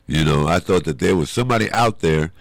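A man's voice: deep voice, a little fast, gravelly, no echo. A man, a guest in an interview, telling a personal story and acting out the voices of the people in it. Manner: animated storyteller who acts out quoted voices.

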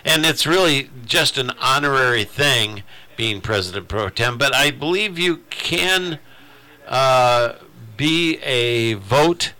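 Bright-voiced male radio host. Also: mid-range voice, expressive. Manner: halting, restarts often. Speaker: radio talk show host. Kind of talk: casual on-air chat.

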